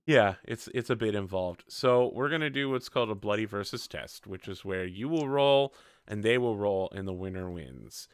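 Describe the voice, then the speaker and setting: Young male game master, relaxed rules-explainer, smooth voice, dry close sound. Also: lowish voice, moderate pace, few pauses, no room sound. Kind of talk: narrating a tabletop game.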